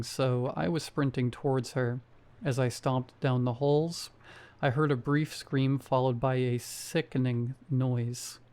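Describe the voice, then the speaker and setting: A man reading a first-person horror story aloud in a steady storytelling manner. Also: medium pitch. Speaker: story narrator. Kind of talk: scripted horror narration.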